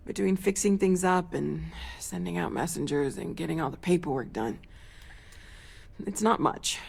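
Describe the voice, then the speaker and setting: An actress voicing a tired young woman crewmate in a video game, halting and apologetic, close to tears. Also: lowish voice, gravelly, a little mellow, slightly rough. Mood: sad.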